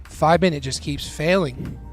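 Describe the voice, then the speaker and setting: A man's voice: on the high side, unhurried, soft background music. A man hosting a casual live trading stream. He chats loosely with viewers and uses lots of fillers. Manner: relaxed, filler-heavy, chatting with viewers while trading.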